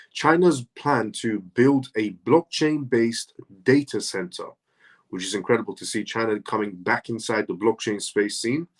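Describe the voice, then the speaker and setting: A man hosts a live online news stream, talking in a relaxed, chatty way. His voice sits at an ordinary mid pitch. He runs through the evening's topics in casual commentary and leans on filler words like "essentially". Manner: greets chat viewers by name one after another.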